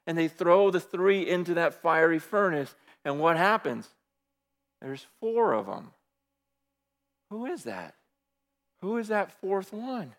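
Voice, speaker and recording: A man preaching a sermon in an animated way, often restarting his words and swinging from hushed to loud. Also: a little high, unhurried. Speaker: pastor. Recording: long hall reverb.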